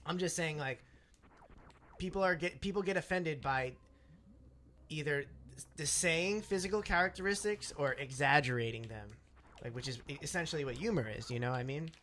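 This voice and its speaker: Male co-host, slightly high pitch, relaxed chatty delivery full of fillers. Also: moderate pace, a little hiss or hum. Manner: laid-back, easygoing, with filler "like"s. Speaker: gaming stream co-host. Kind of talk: casual chat.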